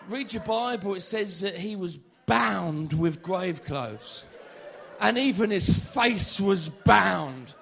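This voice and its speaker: A high-pitched man preaches to a church meeting, his bright, ringing voice carrying each point. He tells his stories with comic energy and acts them out as he goes. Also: slow pace, gravelly. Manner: animated, comic storytelling with acted-out voices. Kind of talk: comic evangelistic sermon.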